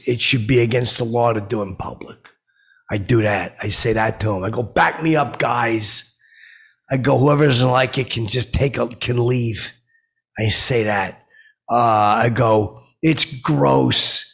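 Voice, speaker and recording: A man playing a gravelly, oblivious has-been comedian. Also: medium pitch. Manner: rambling, self-important, full of filler and restarts. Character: oblivious, boastful washed-up male stand-up comedian. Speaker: podcast host. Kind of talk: improvised comedic monologue.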